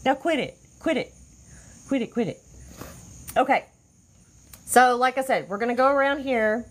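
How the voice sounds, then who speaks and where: A woman hosting a casual live craft demonstration, chatty and easily excited as she greets viewers. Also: sits high, moderate pace. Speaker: crafter hosting a livestream tutorial. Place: outdoors or by an open window, fading daylight.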